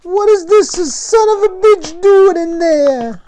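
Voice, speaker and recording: A man's voice: very high voice, animated, slow, dark tone, slight background noise, voice pushed up, full character voice. A man voicing an elderly nagging mother with a cane, who shrieks and scolds from another room. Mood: scolding. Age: over 60 (figure).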